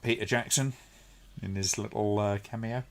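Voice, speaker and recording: Low-voiced guy joking through a movie with a mate, laughs a lot. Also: fairly even intonation, moderate pace. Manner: wry, laughs often. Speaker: film commentary co-host. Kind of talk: casual watch-along commentary.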